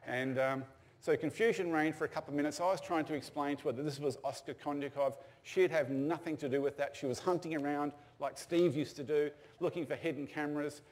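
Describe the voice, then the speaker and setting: A man's voice: on the high side, steady tone, a little fast. An older man, telling stories casually with fillers and restarts. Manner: casual anecdotal storytelling with fillers. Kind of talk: storytelling talk.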